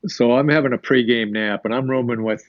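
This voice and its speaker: Speaking fairly quickly in a steady, medium-pitched voice, a former hockey player, now older, rambles through anecdotes as a podcast guest, voicing the dialogue he quotes. The recording has no room sound and its highs are cut off.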